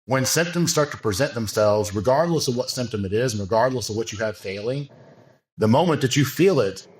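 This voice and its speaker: An earnest man in a relaxed podcast chat, voice pitched at an ordinary middle height. He talks in long loose run-on sentences, often stopping to add fillers before pressing on. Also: brisk. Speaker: bodybuilding coach and podcast guest. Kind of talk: casual podcast conversation.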